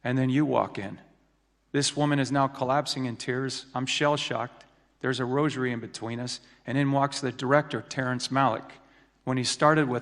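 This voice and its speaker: A man's voice: medium pitch, fairly even intonation, a bit bright. Man telling a story in a reverberant hall. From United States. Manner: storytelling, slows down for emphasis. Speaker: speaker giving a testimony. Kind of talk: personal faith testimony speech. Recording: long reverb of a large hall.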